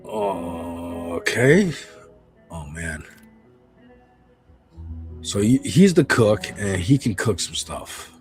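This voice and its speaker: A man chats through a video game as he plays, rambling, loose and now and then swearing. His pitch rises and falls freely, and game music plays faintly underneath. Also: very animated, very slow, pauses often. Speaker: streamer playing a video game. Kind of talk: casual gameplay commentary.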